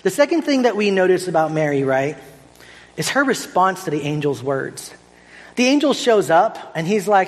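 Pastor, male, 30s, chatty animated sermon, higher voice, hall reverb. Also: moderate pace. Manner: conversational, animated, tags lines with "right?".

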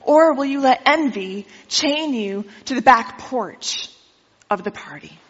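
A woman voicing a heavenly father who gently invites a listener in to share his joy. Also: sits high, lively intonation, takes it slowly, exaggerated voice. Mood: inviting. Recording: dull with long hall reverb.

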